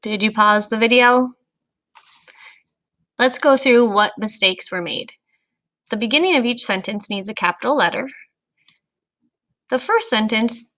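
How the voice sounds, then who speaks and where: A woman teacher giving a recorded grammar lesson to children, speaking clearly and patiently to young students. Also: mid-range voice, moderate pace, bright, forceful tone, poor audio.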